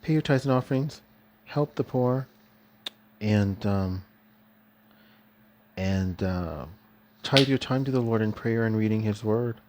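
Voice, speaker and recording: A man with a fairly low voice speaks in a loose, rambling way, restarting his sentences. He chuckles often through a casual religious vlog monologue. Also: a little slow, pauses often, darkish tone, a little hiss or hum. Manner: chuckles often while talking. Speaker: vlogger.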